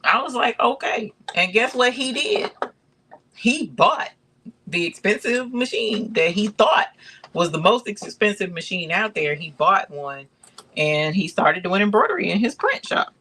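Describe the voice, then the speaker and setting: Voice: medium pitch, animated, measured pace, pushed and bright, slightly rough. An embroidery channel host chatting casually on a livestream, calling viewers y'all and reading out chat comments.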